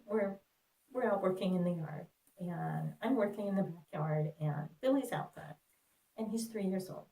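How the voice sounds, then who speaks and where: A woman telling a personal story in an earnest, reflective way, with pauses. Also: mid-range voice, warm tone. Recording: roomy, distant mic.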